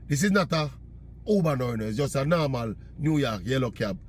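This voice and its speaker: A man's voice: mid-range voice, lively intonation, a little fast. A man from Jamaica with a Jamaican accent, chatting in patois as he tells a casual story. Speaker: vlogger.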